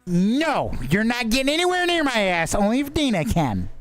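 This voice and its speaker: This is Ellie, a blunt teenage girl who swears like it's punctuation, as a game master puts her on during a tabletop game. Her pitch leaps about freely, though the voice itself sits in an ordinary middle range. She sounds offhand and unbothered. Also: huge pitch swings, moderate pace, no echo, faint music behind. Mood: teasing.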